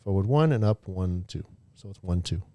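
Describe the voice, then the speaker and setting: A man's voice: sits low, lively intonation, moderate pace, mellow, no echo. A man teaching a math class online, chatty and walking students through each step aloud.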